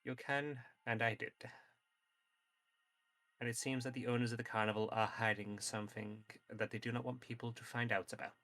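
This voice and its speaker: A secretive female kenku, as a man puts her on, speaks in stiff, clipped phrases with a mid-pitched voice. She sounds defiant and guarded, a bird-person from a tabletop fantasy game. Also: fairly bright tone, lightly acted.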